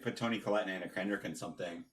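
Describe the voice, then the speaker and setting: A man's voice: sits low, steady tone, racing, fairly bright tone, slight background noise. A man co-hosting a casual movie podcast, blunt and swearing a lot as he talks. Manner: blunt, swears often, lots of fillers. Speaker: podcast co-host. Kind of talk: casual movie review chat.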